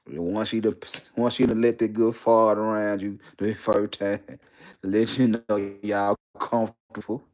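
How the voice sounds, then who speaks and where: A host delivers a casual monologue full of profanity and animation, frequently breaking into laughter partway through sentences. His voice is medium-pitched and a little mellow.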